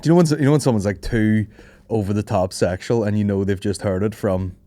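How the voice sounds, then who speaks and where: A man's voice: fairly low pitch, brisk, dark tone, no echo. A young man hosting a podcast, rambling through stories with lots of swearing and laughter. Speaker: podcast host. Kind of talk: casual chat.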